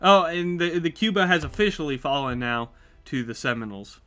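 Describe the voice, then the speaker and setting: Soft background music accompanies a YouTube host whose slightly high voice moves briskly through upbeat, chatty play-by-play of a map simulation. He reacts excitedly to the action.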